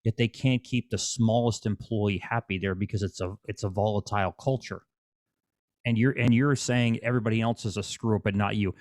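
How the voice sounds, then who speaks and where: A man's voice: fairly low pitch, fairly even intonation, brisk, a little mellow, no echo, studio quality. A man hosting a casual interview, speaking bluntly and preachily and swearing freely. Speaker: podcast host.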